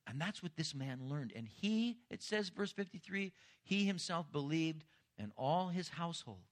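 A man's voice: on the high side, expressive, moderate pace. Earnest male pastor preaching. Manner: earnest, building to emphatic intensity. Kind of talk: sermon.

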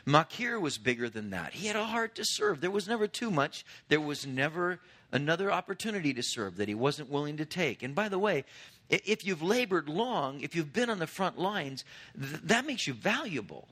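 A man's voice: a little high, very animated, a little fast, a bit bright. A man in his fifties preaching a sermon, retelling scripture in an earnest, conversational way. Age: 50s. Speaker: pastor.

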